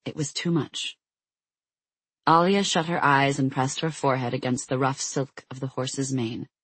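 An audiobook narrator reading a story in a calm, measured way. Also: medium pitch, breathy edge, no room sound. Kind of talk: scripted narration.

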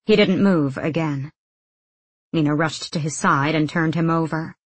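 A woman narrates a novel in a steady, measured way. Her voice is low with a husky texture. The recording is close and dry. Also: no echo. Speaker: audiobook narrator. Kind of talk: scripted narration.

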